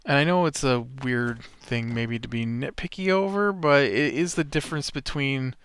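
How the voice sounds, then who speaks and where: A man's voice: mid-range voice, moderate pace, fairly bright tone, smooth, no room sound. A man hosting a let's play, chatting casually over gameplay in a rambling, nitpicky way with many fillers.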